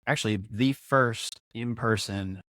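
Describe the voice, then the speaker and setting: A man hosting a podcast interview, relaxed and a bit awkward, stumbling a little as he sets up questions. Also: fairly low pitch, a little slow, no room sound, clean studio sound. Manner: relaxed, slightly awkward, stumbles over openings. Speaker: podcast host. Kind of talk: casual interview conversation.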